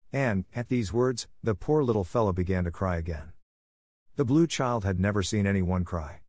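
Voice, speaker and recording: A man reading a classic children's story aloud as narrator, in a measured, even storytelling manner. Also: fairly low pitch, no echo, studio quality. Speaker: audiobook narrator. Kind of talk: storybook reading for English listening practice.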